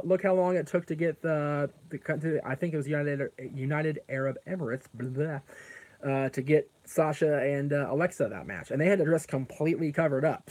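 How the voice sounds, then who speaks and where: This is a live streamer whose voice is somewhat high yet darkish in tone; he chats casually and meanders, replying to viewer comments out loud. Filler words and frequent self-corrections punctuate his talk.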